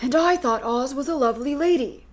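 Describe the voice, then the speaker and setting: A woman doing a high, wailing straw scarecrow. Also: brisk. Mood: plaintive. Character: brainless male scarecrow, earnest and grieving.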